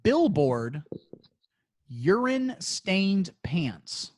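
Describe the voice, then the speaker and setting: A man's voice: high-pitched, very animated, extremely slow, a little mellow. A man co-hosting a crude comedy podcast and running a movie quiz, talking in a playful, teasing, mock-boastful way.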